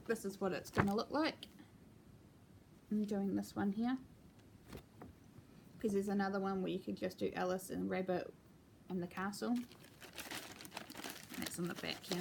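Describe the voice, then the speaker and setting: A woman chatting casually at home as she shows her cross-stitch projects, talking in a relaxed way with plenty of ums and asides. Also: medium pitch, vocal fry, slight background noise. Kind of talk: casual show-and-tell chat.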